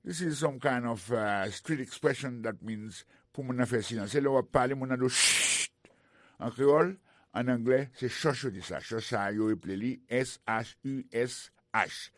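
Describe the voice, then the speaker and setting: Deliberate Haitian-accented language teacher. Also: male voice, mid-range voice, no echo, clean studio sound. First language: Haitian Creole. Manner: slow, deliberate, spells out words. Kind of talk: bilingual radio language lesson.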